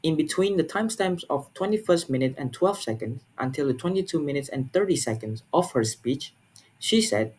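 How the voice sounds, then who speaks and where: A young man from Malaysia, giving a class presentation in an earnest, halting way, often repeating words and filling pauses. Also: a little high, lively intonation, a little mellow. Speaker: student presenter.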